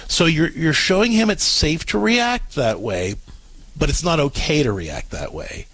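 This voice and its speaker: A man's voice: on the high side, sing-song, a little fast, a bit bright. A man hosting an advice show, coaching a caller in a direct, explanatory way and repeating his key instructions. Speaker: radio advice show host. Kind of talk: call-in advice talk.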